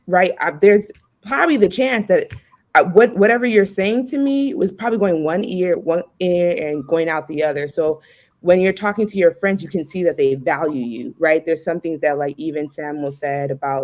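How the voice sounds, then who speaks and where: A woman's voice: sits low, a little mellow. A young woman speaking as a guest on a talk show, reasoning her point and checking in often. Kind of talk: casual chat.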